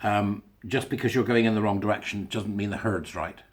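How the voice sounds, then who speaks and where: A man's voice: lowish voice, steady tone, fairly quick. A man hosting his own show, talking to listeners in a blunt, jokey way and laughing at his own jokes. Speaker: podcast host. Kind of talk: casual monologue.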